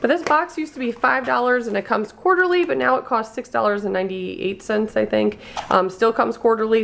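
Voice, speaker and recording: A woman's voice: mid-range voice, gravelly, slight background noise. A woman vlogger losing her voice, chatting casually through a beauty box unboxing and reading labels aloud.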